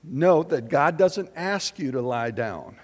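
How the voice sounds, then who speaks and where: A male preacher with a high, lively voice delivers a sermon at an unhurried pace. He pulls answers from the crowd and swings between booming declarations and quiet asides. The sound carries the long reverb of a large auditorium. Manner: animated, questioning the audience, big swings in loudness. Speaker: pastor.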